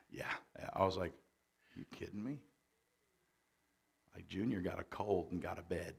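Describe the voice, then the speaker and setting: A middle-aged pastor with a drawl tells stories from the pulpit in a casual, joking way, full of little fillers and restarts. His voice sits low, with a gravelly edge. He sounds like he's chatting with his church. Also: steady tone, normal speed. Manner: folksy storytelling with jokes and fillers; louder and more forceful after the mic change. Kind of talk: conversational sermon.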